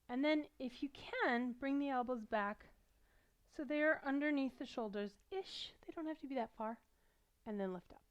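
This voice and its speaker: Woman yoga teacher, bit out of breath, soft encouraging cues, voice sits a touch high. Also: dull audio. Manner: gentle, encouraging, explains as she demonstrates. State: a little out of breath. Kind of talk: guided yoga instruction.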